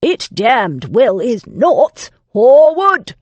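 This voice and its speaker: A woman acting blustering older nobleman, roaring, domineering, husky, audiobook figure. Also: mid-range voice, wildly swooping pitch, unhurried, warm tone, no room sound, lo-fi sound, heavily acted. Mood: outraged. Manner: roaring, bellowing.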